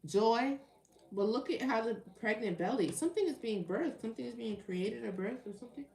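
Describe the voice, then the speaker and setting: A woman's voice: a little high, expressive, fairly quick, creaky, a little mellow, echoey room. A woman reading tarot on a live stream, chatting casually with her viewers and getting indignant at rude comments. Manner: casual, talks to chat, gets heated and indignant. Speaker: tarot reader.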